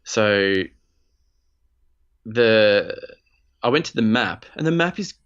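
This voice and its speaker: A man's voice: fairly low pitch, lively intonation, slow pace, a bit bright, clean tone, muffled recording. A man, co-hosting a podcast in loose, rambling casual chat, swearing freely. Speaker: podcast co-host.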